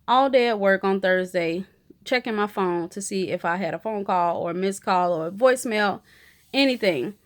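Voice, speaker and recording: Woman vlogger, mid-pitched, chatty and candid, very open with her emotions. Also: fairly bright tone. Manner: chatty and candid, full of 'you know' and 'like'; emotional, talks openly through her feelings. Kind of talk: casual personal video update.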